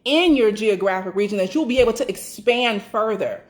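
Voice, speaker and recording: Emphatic woman giving a pep talk. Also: medium pitch. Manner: emphatic, repeats phrases for stress, swears freely; acts out inner thoughts in quick rushed asides. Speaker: doula business mentor. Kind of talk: casual motivational talk.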